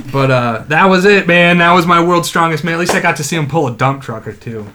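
A man in his thirties co-hosting a podcast, telling a profane, animated story in casual chat and laughing often. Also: on the high side, noisy background. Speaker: podcast co-host.

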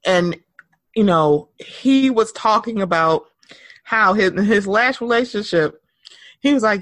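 A woman with a mid-range voice speaks slowly, with no echo, as she co-hosts a casual podcast chat. She tells sassy stories in an animated way, acting out the voices of the people she quotes.

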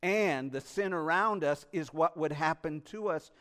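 A male pastor delivering an impassioned sermon, swinging between loud emphasis and hushed asides and posing rhetorical questions to the congregation. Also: on the high side, a little slow.

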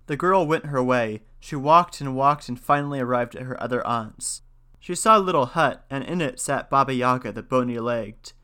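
Brief: male storyteller and lecturer, measured narration. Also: medium pitch, sharp tone, smooth. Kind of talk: folktale reading, then casual lecture.

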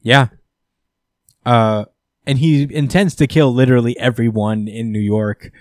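A man's voice: mid-range voice, steady tone, unhurried, a little mellow, no echo, clean studio sound. A man hosting a casual chat, retelling a comic story with profanity, laughter and enthusiasm. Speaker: podcast host recapping comics. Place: lives in New York.

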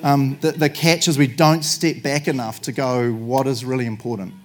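A man's voice: medium pitch, moderate pace. A man preaching a sermon to a congregation, joking and laughing often. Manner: jokey, animated, laughs often. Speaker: pastor.

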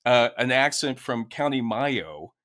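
A man's voice: medium pitch, animated, measured pace, a bit bright. An American man co-hosting a podcast in casual chat, chuckling often as he explains things. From United States. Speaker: podcast co-host.

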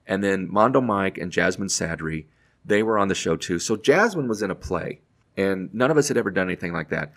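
A middle-aged man, a radio host, telling casual anecdotes in an animated way and acting out other people's lines. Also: low-pitched. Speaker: radio host telling his career story.

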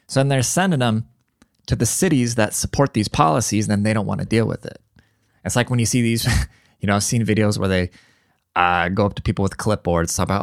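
A man's voice: lowish voice, fast, gravelly, no echo, clean studio sound. A man hosting his own podcast, ranting bluntly and profanely in casual commentary. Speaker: podcast host.

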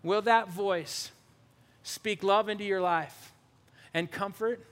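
High-voiced pastor preaching in a hall. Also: male voice, slow. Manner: animated, swings from loud to hushed. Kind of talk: sermon.

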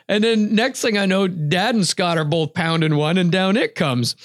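Male guest, chatty storyteller, slightly high voice, dry close sound. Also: moderate pace, few pauses, dry recording. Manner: animated storytelling, acts out quotes, laughs often. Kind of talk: casual chat.

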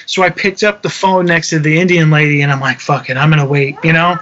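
Young man, high voice, casual storytelling, profane, animated, lo-fi recording. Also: fast, a little hiss or hum. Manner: animated, swears freely, acts out quotes. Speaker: touring musician telling a story.

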